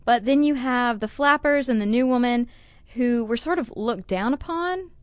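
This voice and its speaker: A woman's voice: on the high side, expressive, moderate pace, dry recording. Chatty woman podcast co-host, wry. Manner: chatty, reads out quotes, wry asides. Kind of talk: casual history podcast chat.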